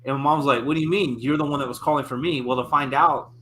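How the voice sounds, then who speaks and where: A man's voice: mid-range voice, fairly even intonation, fast talker, fairly bright tone, a little hiss or hum. A man co-hosting a chat show, telling a family ghost story and repeating words as he goes. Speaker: co-host.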